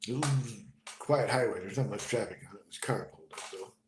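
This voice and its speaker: A man telling a personal story in a halting, conversational way, dropping to a murmur and then bursting out loud. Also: on the low side. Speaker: storyteller recounting his own experience. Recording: roomy room with faint noise.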